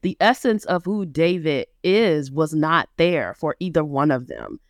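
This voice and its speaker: A speaker with a smooth, clear voice at a middle pitch reflects on a novel in a relaxed podcast chat, building each point step by step. The sound is dry and close. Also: a little slow, no echo. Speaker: podcast co-host. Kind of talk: casual book discussion.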